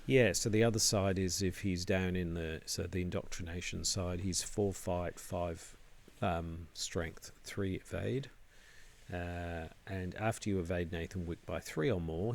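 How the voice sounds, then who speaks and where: A man co-hosting a board game podcast, chatty and quick to check his facts. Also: low-pitched, steady tone, creaky. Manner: chatty, laughs easily, asks for confirmation. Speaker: podcast co-host. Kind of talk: casual board game discussion.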